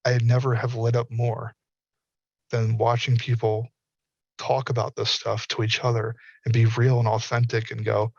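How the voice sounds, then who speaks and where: A man from the American South speaks earnestly and folksily, acting out bits of imagined dialogue. His voice is gravelly and a little husky, heard on dull, dry lo-fi audio. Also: medium pitch, completely flat delivery, normal speed, dry recording. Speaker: guest. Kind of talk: casual panel talk.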